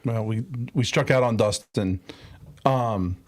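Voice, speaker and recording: Low-voiced man explaining things plainly. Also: slow. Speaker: podcast co-host. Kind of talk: casual podcast chat.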